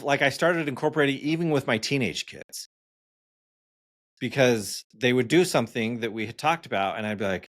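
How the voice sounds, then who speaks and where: A man in his forties co-hosting a podcast, chatting casually and telling stories with fillers and frequent laughs. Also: mid-range voice. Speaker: podcast co-host.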